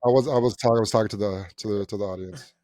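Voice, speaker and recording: A man's voice: lowish voice, very fast, mellow, no echo. A man co-hosting a casual podcast, swinging his voice up and down as he tells a story and acts out the people in it. He swears freely and laughs through his telling. The sound is close and dry, with no room around it. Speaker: podcast co-host.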